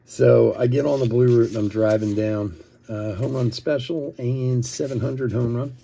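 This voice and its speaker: Gravelly man spinning a yarn. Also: medium pitch, steady tone, moderate pace, dark tone, a little hiss or hum. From Philadelphia area. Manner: rambling, chuckles often, says "like" a lot. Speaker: sports card breaker. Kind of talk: live-stream storytelling while opening cards.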